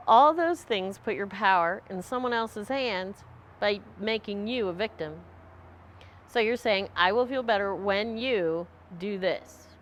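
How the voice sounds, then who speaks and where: Woman giving a lively motivational talk. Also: mid-range voice. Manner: conversational, acts out quoted voices. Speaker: group leader.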